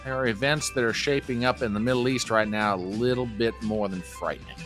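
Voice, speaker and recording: A man's voice: medium pitch, fairly quick, soft background music. A man hosting a casual livestream, folksy and talkative, reading viewer comments aloud. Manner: folksy, animated, reads chat comments aloud. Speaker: livestream host.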